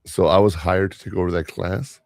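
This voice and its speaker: A man's voice: low voice, fairly even intonation, fairly quick, creaky, dry recording, clean studio sound. A man hosting a podcast, telling workplace stories in a casual, rambling way with lots of fillers and restarts. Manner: chatty storyteller, many fillers and restarts. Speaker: podcast host. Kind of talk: casual chat.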